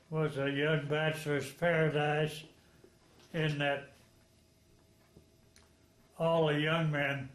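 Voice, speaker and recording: An old man in his nineties from Texas spins long, candid war stories at a slow pace. His voice sits a little high, and the room around him rings with echo. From Texas, United States. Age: 90s. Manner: rambling, frank storytelling with chuckles. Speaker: World War II veteran. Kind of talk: oral history interview.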